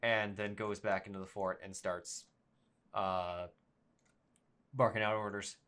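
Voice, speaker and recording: A man narrating as dungeon master of an online tabletop game, halting and full of ums and restarts. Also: lowish voice, level tone, fairly bright tone.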